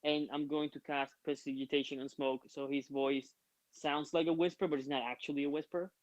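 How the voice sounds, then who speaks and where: Excitable man, slightly high voice. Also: fairly quick, dull audio. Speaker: player. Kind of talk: tabletop game banter.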